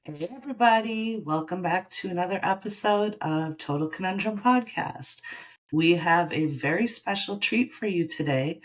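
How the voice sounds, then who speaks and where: A woman's voice: lowish voice, moderate pace. Stuffy-nosed woman podcast host. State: stuffy, has the sniffles. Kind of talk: casual chat.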